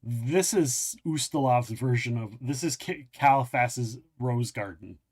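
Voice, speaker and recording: A male game master narrates a tabletop game at a mid pitch. He talks in a halting, casual way, restarting sentences and hunting for the right word. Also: a little mellow. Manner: halting, many restarts, searches for words.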